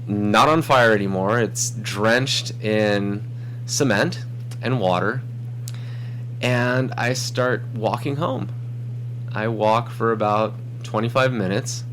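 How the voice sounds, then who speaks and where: A man's voice: on the low side, slight background noise. A man telling a story in a casual podcast chat, acting out the voices of people in it. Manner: animated, acts out quoted voices. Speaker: podcast guest.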